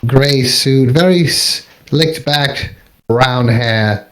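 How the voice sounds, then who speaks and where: A man narrating as game master of a tabletop game, halting and searching for words. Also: mid-range voice, a bit bright, rough recording. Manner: halting, full of ums and restarts.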